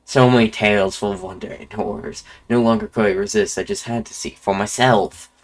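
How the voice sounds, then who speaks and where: A genteel, curious bug explorer from a video game speaks in a put-on Irish accent, as a man reads him aloud. The voice sits fairly low and now and then trips over a word. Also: steady tone, lightly acted. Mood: musing. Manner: reading aloud with halting slips. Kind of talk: reading game dialogue aloud.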